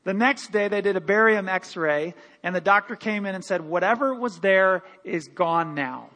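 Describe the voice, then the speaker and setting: Male pastor, high voice, animated sermon delivery, long hall reverb. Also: normal speed. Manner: animated preaching with laughs and quoted voices. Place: church sanctuary.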